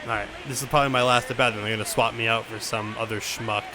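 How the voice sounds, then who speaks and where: A young man commenting on his own baseball video game play, venting frustration, swearing and swinging between loud outbursts and low mutters. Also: fairly even intonation, fast talker, background noise. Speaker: gaming YouTuber.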